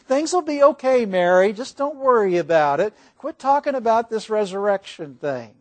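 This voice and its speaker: A man's voice: high voice, lively intonation, moderate pace. A man voicing the disciples, talking down to a grieving woman in a soothing, condescending way. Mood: patronizing. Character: patronizing male disciples soothing a friend.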